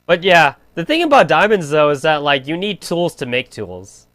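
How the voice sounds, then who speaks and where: A man's voice: a little high, very animated, moderate pace, a bit bright, dry recording. A young man streaming a game, rambling in crude casual chat full of filler "like". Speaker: gaming streamer.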